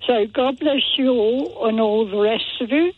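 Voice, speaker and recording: A woman's voice: fairly high pitch, a little slow, slight background noise. A woman over a hundred years old, calling a radio phone-in with formal, heartfelt greetings. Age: 100s. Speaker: caller. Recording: phone line.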